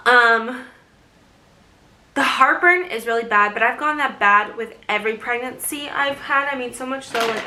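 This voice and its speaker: A young woman talks through a casual vlog, chatty and rambling, with a bright, fairly high voice. She sounds short of breath while she talks and laughs often between her thoughts. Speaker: vlogger. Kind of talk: casual pregnancy update vlog.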